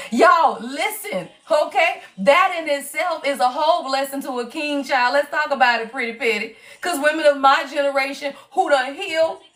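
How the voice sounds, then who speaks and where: A woman's voice: sits high, normal speed, fairly bright tone, faint music behind. A middle-aged Southern woman with a Southern accent, a tarot reader talking on a livestream in a blunt, profane, preachy way. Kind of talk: livestream talk.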